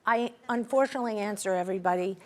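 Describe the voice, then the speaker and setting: A middle-aged woman guest in a conversational interview, talking expressively and acting out quoted dialogue. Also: racing. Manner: expressive, acts out quoted dialogue with pitch jumps. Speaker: interview guest, menopause advocate.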